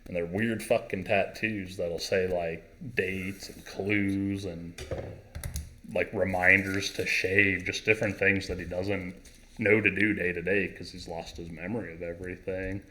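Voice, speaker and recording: A man's voice: sits low, flat delivery, unhurried, bright, forceful tone. A man co-hosting a podcast, laid-back, casually explaining a film plot. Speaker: podcast co-host. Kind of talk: casual chat.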